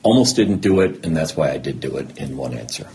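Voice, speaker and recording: A man's voice: very deep voice, animated, fairly quick, warm tone. A man, a podcast guest, telling his own story candidly. He jokes at his own expense and acts out conversations he remembers. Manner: acts out remembered conversations, self-deprecating humor.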